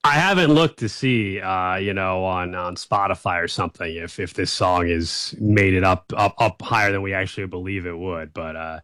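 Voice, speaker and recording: A man's voice: deep voice, moderate pace, few pauses, sharp tone, no echo. Man chatting casually, dry and close. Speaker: co-host. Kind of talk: casual chat.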